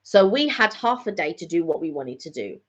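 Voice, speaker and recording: Middle-aged woman, chatty and rambling, fairly low voice, muffled lo-fi recording. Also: big pitch swings, a little fast. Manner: chatty, rambling, repeats phrases. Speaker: vlogger hosting a live catch-up. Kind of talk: casual chat. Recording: dull lo-fi recording.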